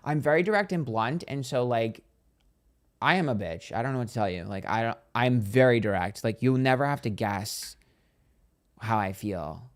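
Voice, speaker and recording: A man's voice: medium pitch, expressive, normal speed. A young man, a psychic streamer, chatting casually and bluntly while reading viewer comments, with a lot of "like". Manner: blunt, candid, heavy use of "like".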